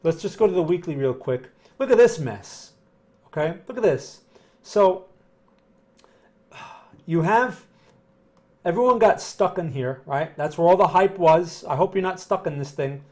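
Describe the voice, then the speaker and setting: A man hosting a live trading stream, speaking slowly and conversationally, repeating words and answering chat comments. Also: high voice, animated, a little mellow. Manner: conversational, repeats himself, reads chat aloud; slow, deliberate delivery. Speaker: trading educator. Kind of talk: live-stream market analysis.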